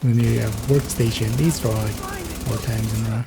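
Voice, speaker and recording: A man's voice: lowish voice, completely flat delivery, fast, vocal fry, background noise. A man streaming a video game, giving casual, rambling commentary with sarcastic asides.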